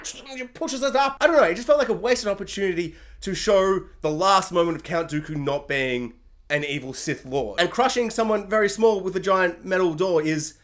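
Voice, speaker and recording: A young man reviewing a series in a casual, jokey rant, acting out quotes in high, excited voices.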